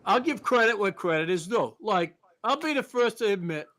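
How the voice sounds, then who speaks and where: High-voiced, earnest conservative man. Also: lively intonation, normal speed, sharp tone. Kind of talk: political talk show chat.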